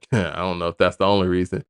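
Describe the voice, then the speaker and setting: A man's voice: low-pitched, flat delivery, a little fast, smooth, dry recording, studio quality. A man hosting a hip hop news show, reading an album review aloud and breaking off into casual asides.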